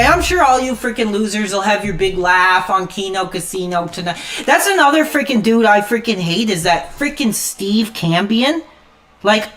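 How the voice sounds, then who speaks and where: A man streaming an angry, profane rant, swinging between loud outbursts and low muttered asides. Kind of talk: angry ranting monologue.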